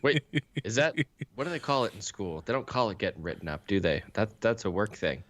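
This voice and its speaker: A man's voice: fairly low pitch, lively intonation, a little fast, fairly bright tone. A man co-hosting a podcast in casual chat, making dry, teasing remarks. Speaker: podcast co-host.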